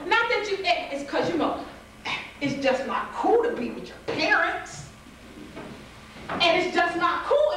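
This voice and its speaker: Woman pastor preaching in aave, high voice, really echoey and far from the mic. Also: slight background noise. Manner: lively, acts out voices, laughs often, calls to the congregation. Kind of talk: sermon.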